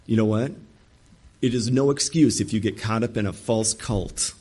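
A man's voice: fairly low pitch, normal speed, darkish tone, breathy edge. A man preaching an emphatic sermon, acting out the voices he quotes. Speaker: pastor.

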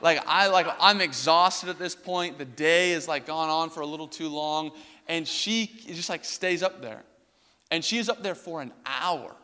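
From the pulpit, a young male pastor tells a personal story loosely and casually, with plenty of filler words. At a moderate pace, his bright, slightly high voice rings with long reverb through the hall.

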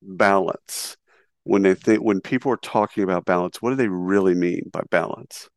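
A man's voice: low voice, normal speed, a little mellow, dry recording, clean studio sound. A man hosting an interview, opinionated and sarcastic, rambling through his questions with self-deprecating asides. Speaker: interview host. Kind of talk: casual conversational interview.

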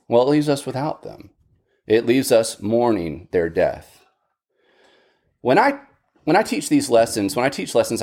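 A man's voice: lowish voice, darkish tone. A man teaching a Bible study lesson in an earnest way, often restarting and repeating words.

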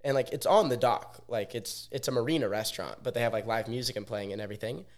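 A man's voice: medium pitch, fast. A young man from Oregon, a podcast guest telling casual stories in a laid-back way, filling his speech with "like". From Oregon, USA. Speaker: podcast guest, pro athlete. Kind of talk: casual storytelling.

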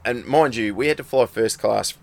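A middle-aged Australian rally racer with an Australian accent tells a rambling story in casual conversation, acting out the dialogue. His voice is medium-pitched with vocal fry, at a moderate pace and with no echo.

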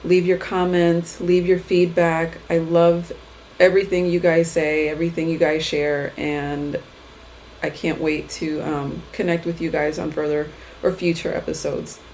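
A woman in her thirties hosting a mom podcast, her voice sitting on the lower side. She reads her own heartfelt writing and then talks it through casually, encouraging and emotional. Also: flat delivery, a little slow, darkish tone, a little hiss or hum, poor audio. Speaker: podcast host. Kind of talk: reading her blog post aloud, then casual chat.

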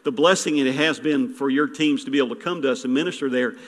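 A man's voice: mid-range voice, fast talker. Folksy man preaching, echoey hall. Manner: folksy, rambling with restarts and jokes. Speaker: guest preacher. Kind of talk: sermon. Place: church sanctuary.

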